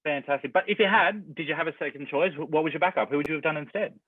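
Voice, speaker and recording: A man's voice: fairly high pitch, racing, no echo. A man with an Australian accent interviewing a guest, enthusiastic and casually swearing. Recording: tinny phone-like sound.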